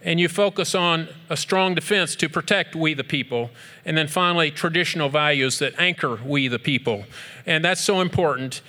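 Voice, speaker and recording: A middle-aged man addresses an audience with earnest, emphatic conviction and builds his points through rhetorical repetition. His voice sits a little high for a man and sounds bright and forceful. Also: moderate pace. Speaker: speaker honoring a group at an event. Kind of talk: speech to an audience.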